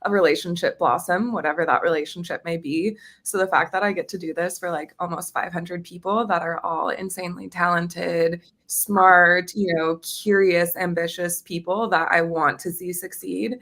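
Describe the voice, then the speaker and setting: A woman's voice: lowish voice, steady tone, moderate pace, few pauses, fairly bright tone. A woman on an event team, speaking sincerely and with feeling in a casual podcast chat. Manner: sincere, heartfelt.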